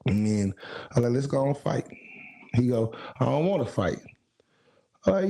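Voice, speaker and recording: A man, a singer guest, telling stories in an animated, casual way, acting out the voices he quotes in streetwise slang. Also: medium pitch, moderate pace, creaky, pauses often, poor audio. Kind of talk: casual storytelling.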